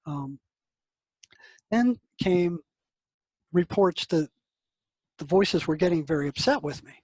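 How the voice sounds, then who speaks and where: Husky higher-pitched older man telling a story. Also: lively intonation, slow pace, a little mellow, no room sound, rough recording. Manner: casual, conversational, acts out quoted dialogue. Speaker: psychotherapist guest. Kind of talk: storytelling interview answer.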